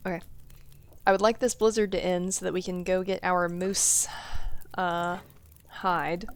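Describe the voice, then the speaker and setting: A woman's voice: lowish voice, little pitch movement, a little slow, smooth. A woman from the Southern US, with a faint Southern accent, chatting casually with viewers while streaming a game, giggling and saying "like" a lot. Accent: Southern US, mostly suppressed. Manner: chatty, giggly, answers chat, many "like" fillers. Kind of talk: casual gameplay chat with viewers.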